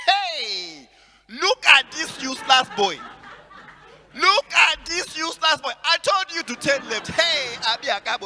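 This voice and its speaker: A man voicing a scolding GPS navigator with a Nigerian accent, loud and drawn out. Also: very high-pitched, pitched above the performer's own voice, exaggerated voice.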